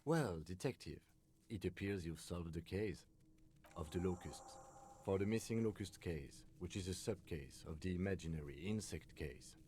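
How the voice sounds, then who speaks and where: An actor playing a calm, understated police lieutenant with a wry manner in a video game. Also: male voice, sits low, normal speed, slight background noise, natural voice. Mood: dry.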